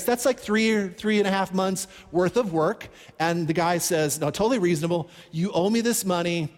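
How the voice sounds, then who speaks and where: A man preaching a sermon, telling a Bible story in an animated, conversational way and acting out the characters' pleas. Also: sits high, long reverb tail. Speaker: pastor.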